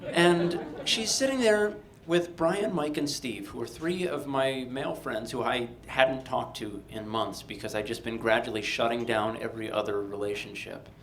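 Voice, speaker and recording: A man from Delaware tells a personal story on stage, wry and animated, landing jokes with dry timing. His voice sits at a middle pitch. A faint low rumble hums underneath. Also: moderate pace, few pauses. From Delaware, USA. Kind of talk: live personal storytelling for an audience.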